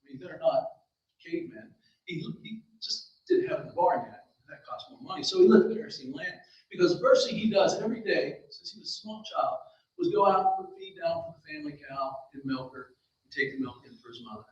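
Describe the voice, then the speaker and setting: A man's voice: a little high, big pitch swings, brisk, dull audio. A man telling a folksy story aloud at a library event, with chatty asides to his listeners. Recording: very echoey room, distant mic.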